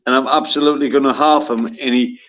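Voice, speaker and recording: A man's voice: mid-range voice, steady tone, fast talker, fairly bright tone. A man, a former footballer telling blunt, profane stories in casual chat. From North East England. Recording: slightly muffled lo-fi sound.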